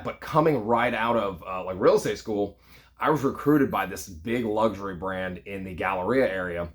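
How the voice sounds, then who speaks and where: Man, 30s, real estate agent telling a personal story; quick, chatty delivery, slightly low voice. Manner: chatty, frequent "you know" and "like".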